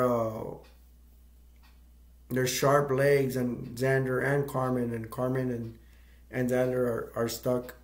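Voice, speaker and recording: A man of middle pitch talks casually through a film's story and keeps stopping to search for the right word. His voice sounds echoey, as if recorded in a bare room. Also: darkish tone. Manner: rambling, searching for words. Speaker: movie review channel host. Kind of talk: casual plot recap.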